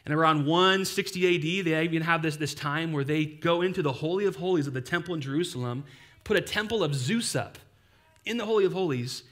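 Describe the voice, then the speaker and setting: Young male pastor, slightly high voice, casual sermon with jokey asides. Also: a little fast. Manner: casual, animated preaching with playful asides.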